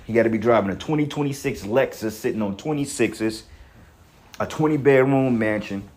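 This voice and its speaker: A man's voice: medium pitch, moderate pace, a little mellow. A man commentating on a video clip in an angry, profane rant, emphatic and full of restarts. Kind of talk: heated reaction rant.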